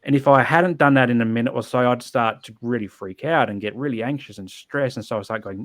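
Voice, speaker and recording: A man's voice: mid-range voice, fairly quick, hardly any pauses, dry recording. A man telling his personal story as a podcast guest, earnest and reflective, often restarting his sentences.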